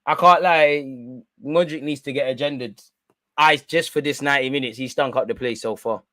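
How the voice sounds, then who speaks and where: A man's voice: mid-range voice, normal speed, bright, forceful tone, no room sound. A young man hosting a live football watch-along, chatting in slang straight to his viewers. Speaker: live stream host.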